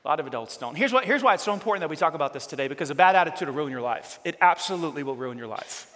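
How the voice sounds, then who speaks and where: A male pastor with a high, bright voice gives a chatty sermon full of questions to his listeners. His words ring out with the long reverb of a church hall. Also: expressive, racing. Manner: chatty, asks the audience questions, repeats words as he goes. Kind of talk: casual conversational sermon.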